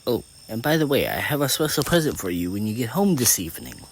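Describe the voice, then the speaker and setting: A man doing a gentle old grandfather. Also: medium pitch, big pitch swings, fast talker, vocal fry, a little hiss or hum, pitched above the performer's own voice, poor audio. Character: loving elderly grandfather, gentle and secretive.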